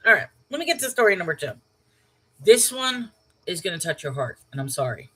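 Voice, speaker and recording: A woman hosting her own channel, telling a personal story in a chatty, animated way and laughing at herself. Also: medium pitch, brisk, breathy edge, poor audio. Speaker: channel host. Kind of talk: storytelling vlog.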